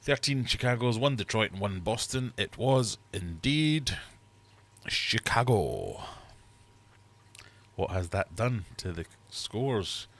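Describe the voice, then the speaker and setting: Middle-aged guy running a live quiz from his fish room, lowish voice, chatty and jokey. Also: lively intonation, a little slow, hardly any pauses. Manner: chatty, jokey, reads out questions and scores. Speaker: livestream quiz host. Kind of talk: casual live quiz chat.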